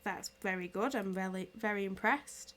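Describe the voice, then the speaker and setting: A woman's voice: mid-range voice, moderate pace, a bit bright. A woman from England with a strong regional English accent, chatting casually through a knitting tutorial and laughing easily. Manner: chatty, laughs easily, answers chat as she knits.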